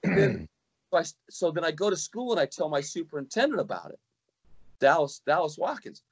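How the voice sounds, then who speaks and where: A man's voice: fairly high pitch, very animated, fairly quick. A middle-aged man, a kayak fishing guide, telling a long story in casual chat with many restarts and acted-out quotes.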